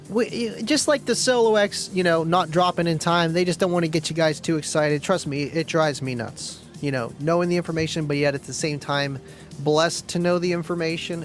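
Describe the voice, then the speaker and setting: A man hosting a casual live stream, chatting in a rambling, friendly way, reading viewer comments aloud and often clearing his throat. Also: a little high, poor audio.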